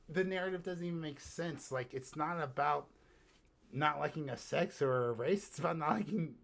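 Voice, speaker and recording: A man co-hosting a podcast in casual chat, ranting in an animated, profane way and sometimes breaking into shouts. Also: on the high side, gravelly. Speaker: podcast co-host.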